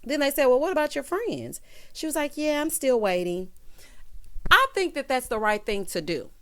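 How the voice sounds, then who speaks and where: A woman's voice: sits high, normal speed. Sassy chatty woman recapping a show. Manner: sassy, chatty, animated quoting of others. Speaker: reality show recap host. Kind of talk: casual commentary.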